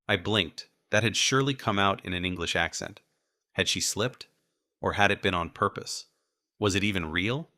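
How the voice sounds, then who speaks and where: A man narrating a first-person audiobook in a steady, wry manner. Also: low voice, moderate pace, no echo, studio quality.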